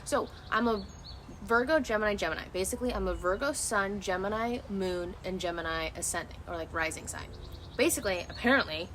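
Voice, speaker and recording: A woman's voice: medium pitch, a little fast, a little hiss or hum. A young woman streaming outdoors, talking casually to her viewers in a loose, rambling way that often restarts and swears freely. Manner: rambling and animated, with many restarts. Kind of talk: casual chat.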